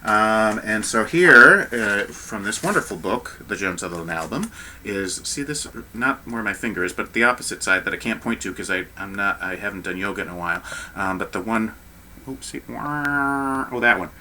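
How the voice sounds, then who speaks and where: A man talks through an opera recording in a loose, rambling way, stopping to correct himself and then getting excited again. His voice sits a little low but has a strongly bright, sharp edge. It sounds like an unscripted casual commentary. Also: moderate pace, a little hiss or hum. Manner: rambling, self-correcting, chatty and animated.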